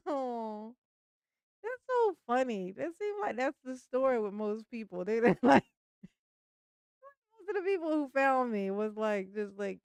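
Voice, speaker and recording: A woman hosting a loose livestream commentary in a slightly high voice, talking freely and swearing as she goes. She keeps breaking into laughter between remarks, and the recording is close and dry with no room sound. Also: a little mellow, clean tone, no echo.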